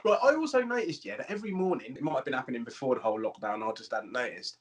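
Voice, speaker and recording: A man co-hosting a casual comedic chat, telling relaxed anecdotes about life in lockdown. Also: medium pitch, very fast, slight background noise. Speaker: co-host, comedian.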